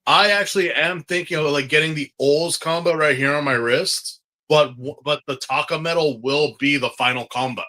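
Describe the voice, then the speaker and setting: A man in a casual podcast chat, excitable and rambling, with frequent restarts and fillers. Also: a little high, normal speed, few pauses. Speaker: podcast co-host.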